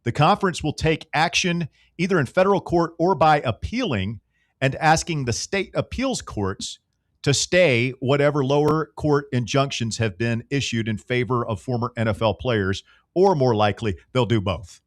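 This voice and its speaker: A man hosting sports talk radio with a sarcastic, teasing edge, his voice sitting at an ordinary pitch. The studio sound is dry and close. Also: lively intonation, normal speed, no room sound. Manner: sarcastic, needling banter.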